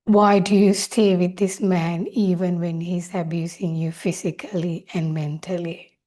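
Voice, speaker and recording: A woman's voice: on the low side, flat delivery, a little slow, mellow, lightly acted. A woman speaking as a hurt, pleading inner child. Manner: plaintive, asks one reproachful question after another.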